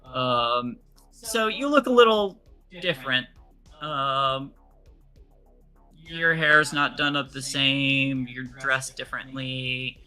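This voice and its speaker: A man narrating as game master, halting and full of fillers and restarts. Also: medium pitch, pushed and bright, clean tone, faint music behind.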